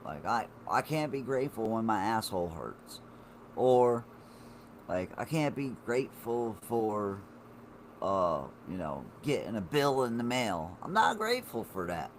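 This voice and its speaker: Slow-talking profane man in his forties. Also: lowish voice, very animated, a little hiss or hum. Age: 40s. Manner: rambling and profane, talking to chat viewers. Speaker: live streamer. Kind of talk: casual live-stream chat.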